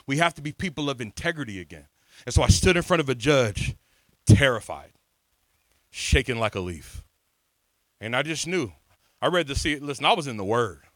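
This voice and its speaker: A man preaching a sermon at an outdoor beach service, telling his own testimony with passion and big swings in loudness. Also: mid-range voice, dry recording.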